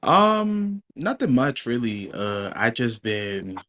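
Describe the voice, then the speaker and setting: A man's voice: medium pitch, sing-song, slow, pushed and bright. A young man calls in to a live talk room. He has an ordinary mid-range voice and talks in a casual, rambling way. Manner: casual, a little surprised and rambling. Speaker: caller.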